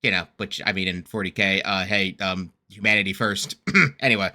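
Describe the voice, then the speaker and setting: A man hosting a casual reaction video, rambling with frequent laughs, fillers and excitable, mock-indignant rants. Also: deep voice, normal speed. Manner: rambling, laughs often, heavy use of fillers.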